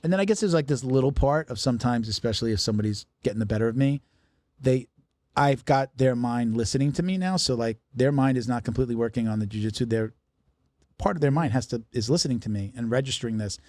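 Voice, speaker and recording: A man's voice: medium pitch, expressive, fast talker, darkish tone, no echo. A man in his fifties hosting a podcast, talking in a loose, chatty, joking way. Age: 50s. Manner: chatty joker. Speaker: podcast host. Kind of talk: casual chat.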